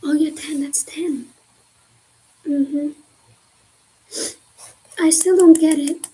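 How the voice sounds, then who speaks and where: A woman's voice: high-pitched, steady tone, drawn-out words, mellow, low-quality recording. A young woman on a study livestream, thinking aloud in a casual, slangy way as she mutters and half-whispers through problems. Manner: casual, slangy, swears freely. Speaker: student livestreamer.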